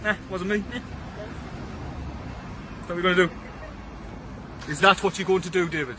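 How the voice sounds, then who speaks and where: A man's voice: high-pitched, steady tone, normal speed, pushed and bright, slight background noise. A man with a Geordie accent questioning a suspect outdoors on a street, blunt and mocking, firing off questions. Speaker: leader of a sting team confronting a suspect.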